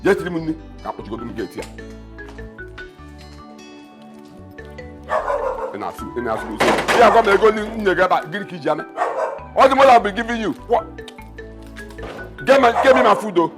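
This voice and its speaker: A man's voice: high voice, very animated, a little fast, loud music behind the voice. A scornful Nigerian father. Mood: demanding. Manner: mocking, loud, repetitive. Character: scornful middle-aged father, blunt and mocking.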